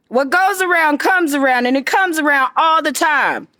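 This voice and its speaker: A woman's voice: sits high, normal speed, few pauses, pushed and bright, no room sound, clean studio sound. A woman giving an emphatic, confrontational monologue straight to her viewers. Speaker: vlogger addressing viewers. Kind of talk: direct-to-camera monologue.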